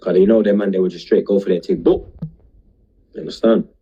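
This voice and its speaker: A man's voice: deep voice, fairly even intonation, brisk, mellow, breathy edge, dull audio. A young man, drunk and talking in a rambling, emotional way on a casual livestream. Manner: rambling, emotional, heavy street slang. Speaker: livestream host.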